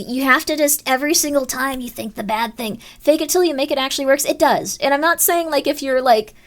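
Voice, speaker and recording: A woman streamer chatting casually with her viewers, rambling and upbeat, with lots of fillers and restarts, jumping high into excited quoted voices.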